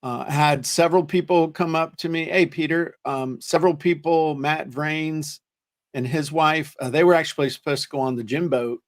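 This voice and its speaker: Male co-host, a little high-pitched, easygoing joker telling anecdotes. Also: steady tone, moderate pace. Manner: joking storyteller, self-deprecating. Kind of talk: casual chat.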